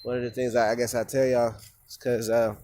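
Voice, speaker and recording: A man's voice: medium pitch, little pitch movement, a little fast, mellow, a little hiss or hum. A man in a rambling, profane casual monologue who often repeats himself and restarts. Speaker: vlogger.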